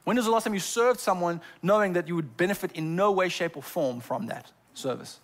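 A male pastor preaches in a church. His voice sits a little high for a man, and he often trips over repeated words before moving on. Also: fairly quick. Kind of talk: sermon. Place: church sanctuary.

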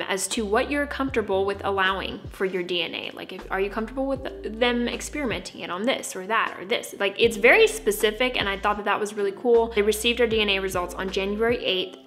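Young american woman chatting to her camera, bright and bubbly, a little music playing underneath. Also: mid-range voice, moderate pace. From United States. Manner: bubbly, animated, playfully dramatic. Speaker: vlogger. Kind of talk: casual vlog talk to camera.

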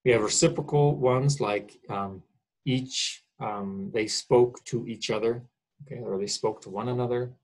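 Husky-voiced man lecturing on grammar. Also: medium pitch, fairly even intonation, a little slow, darkish tone, rough recording. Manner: explanatory, checks in with "okay?" and "right?". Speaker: college English instructor.

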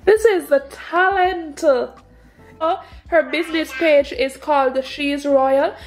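A young woman with a high voice talks through an unboxing in a casual vlog. She gushes, sounds emotional and breaks into laughter easily. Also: fairly even intonation, slow, soft background music. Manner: gushing, emotional, laughs often. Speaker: family vlogger, mother.

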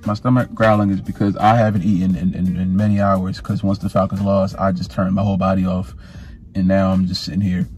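A man vlogging as a sports fan in a casual rant, animated, repeating and stumbling over his words. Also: low voice, a little fast, soft background music. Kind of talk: casual ranting vlog.

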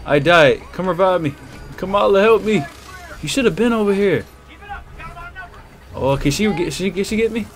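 A man hosting his gaming channel, reacting excitably and exclaiming as he plays. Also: high voice, moderate pace, long pauses, faint music behind. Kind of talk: live gameplay commentary.

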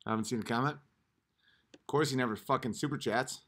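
A man on a live stream goes off at his chat with profane, combative ranting, repeating short phrases and veering between muttering and yelling. His pitch is medium, his pace brisk, and he pauses often.

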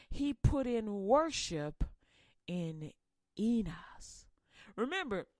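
Slow, impassioned woman preacher. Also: medium pitch, dry recording, clean studio sound. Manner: impassioned, swinging between loud emphasis and quiet asides. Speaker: radio host and preacher. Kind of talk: sermon.

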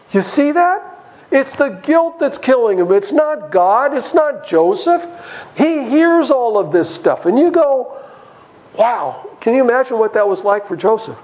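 A man teaches a Bible study class in a church setting. His voice sits fairly high and swings widely in pitch. He keeps asking his listeners questions and acts out the characters' lines as he tells the story. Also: a little mellow, poor audio. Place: church hall.

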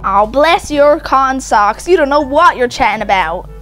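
A woman's voice: high-pitched, expressive, normal speed, a bit bright, soft background music, voice pushed down. A teenage girl doing a fake Southern drawl as a brash Texan cowgirl in game voice chat. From United Kingdom. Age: teens. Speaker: YouTuber.

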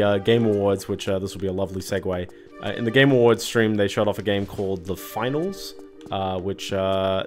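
A man streaming a video game, talking casually and thinking aloud as he plays. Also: on the low side. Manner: rambling, thinking aloud while playing. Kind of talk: casual gameplay commentary.

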